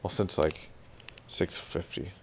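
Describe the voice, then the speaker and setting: A young man with a very low, gravelly voice rants into his audio vlog, irritated and sarcastic. He imitates his family in quoted lines. Faint hiss sits behind him. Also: steady tone, slow pace. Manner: annoyed, ranting, mimics family in quotes. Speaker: vlogger.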